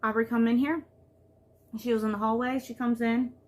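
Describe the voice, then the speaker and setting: A woman with a slightly high voice, rambling and venting as she talks to her camera. She is a mother sharing everyday frustrations in loose, casual vlog talk full of "like.". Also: little pitch movement, normal speed, a little mellow. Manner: rambling, venting, heavy use of "like". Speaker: vlogger and mother.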